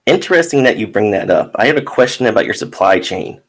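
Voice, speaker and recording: A man's voice: on the low side, lively intonation, quick pace. A man reading as a pushy probing reporter. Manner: probing, insistent. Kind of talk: comic book read-aloud.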